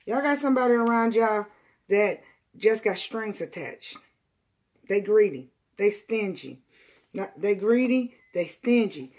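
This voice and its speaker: A woman reading tarot cards for her viewers, blunt and profane, repeating lines for emphasis and swinging between loud outbursts and quiet, emotional asides. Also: medium pitch, expressive, measured pace. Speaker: tarot reader.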